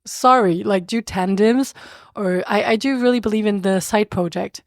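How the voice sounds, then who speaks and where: A woman's voice: medium pitch, normal speed, no echo, studio quality. A woman from France with a French accent, a podcast guest talking casually and animatedly, often groping for the right word. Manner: animated, searching for words, laughs often. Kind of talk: casual conversation.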